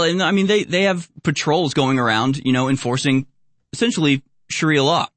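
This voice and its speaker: A man's voice: on the high side, moderate pace, fairly bright tone, no echo. A man hosting online commentary over video clips, talking in a sarcastic, indignant rant. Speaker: political commentary host.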